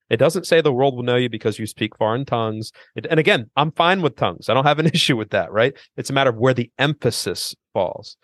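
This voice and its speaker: A man's voice: medium pitch, expressive, quick pace, few pauses, a bit bright, no echo, clean studio sound. A middle-aged man, a seminary president and author, earnestly explaining theology as a podcast guest, with frequent restarts. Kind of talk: theological interview conversation.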